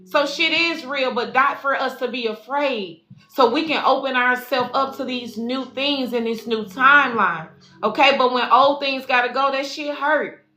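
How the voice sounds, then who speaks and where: A woman's voice: high-pitched, moderate pace, bright, forceful tone. A woman giving a casual, profane, affectionate spiritual reading to viewers, calling them y'all and baby. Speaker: spiritual life coach and intuitive reader. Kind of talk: casual tarot reading livestream. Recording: echoey room with faint music.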